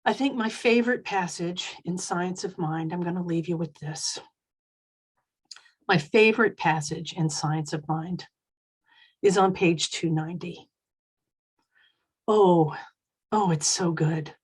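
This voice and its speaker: Slow emphatic woman minister preaching. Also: fairly low pitch, slightly rough. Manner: expressive, emphatic, slowing for key phrases. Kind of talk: sermon.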